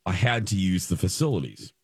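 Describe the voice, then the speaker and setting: A man's voice: deep voice, big pitch swings, fairly quick, darkish tone, slightly rough, no room sound, studio quality. A man hosting a radio show, telling a story in casual chat and stumbling over repeated words as he relives the moment.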